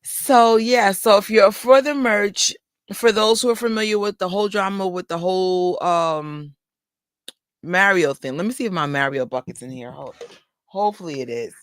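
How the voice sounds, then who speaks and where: Indoors under a bright light, a woman vlogger from New York chats casually with her viewers on a livestream, telling rambling stories packed with fillers and asides. Her voice is medium-pitched and moderately paced, recorded in studio quality with no room sound.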